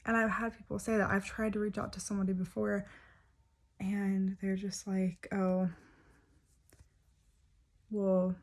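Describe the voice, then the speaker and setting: A young woman speaking softly and hesitantly to camera, sharing a personal story with many pauses and fillers. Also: mid-range voice, level tone. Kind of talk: personal confessional talk to camera.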